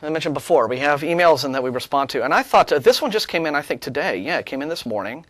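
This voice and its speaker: A sarcastic man co-hosting a talk show, talking over an email with a voice that swings up and down a lot. His voice sits a little high and sounds close and dry, with no room behind it. He keeps stopping and restarting his sentences. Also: fast, no room sound. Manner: sarcastic, animated, restarts often. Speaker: co-host. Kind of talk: casual chat, reading and rebutting an email.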